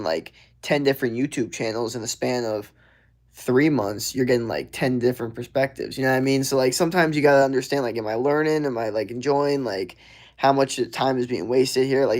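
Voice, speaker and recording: A young man hosts a casual livestream Q&A. His voice sits at an ordinary middle pitch, and his talk is loose and slangy, rambling along with plenty of fillers. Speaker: live streamer answering viewer questions.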